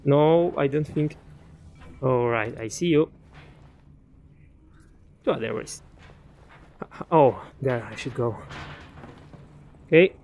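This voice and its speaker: A man's voice: mid-range voice, takes it slowly, pauses often, a little mellow, a little hiss or hum. Chatty man muttering through a game. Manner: chatty, talks to enemies, mutters asides to himself. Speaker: gaming commentator. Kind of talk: casual let's-play commentary.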